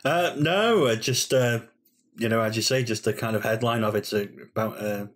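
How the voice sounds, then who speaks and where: A man's voice: on the low side, moderate pace. A man co-hosting a film reaction chat, answering in a dry, laid-back way. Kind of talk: casual chat.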